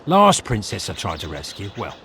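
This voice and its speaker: A man's voice: low voice, wildly swooping pitch, normal speed, sharp tone, a little hiss or hum, exaggerated voice. An actor playing a sarcastic, greedy male hero who talks in a dry, wisecracking way.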